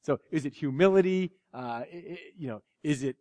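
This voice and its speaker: Male pastor, high voice, animated sermon with hushed drops, long hall echo. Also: fairly quick. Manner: animated, swings from loud to hushed, acts out quotes.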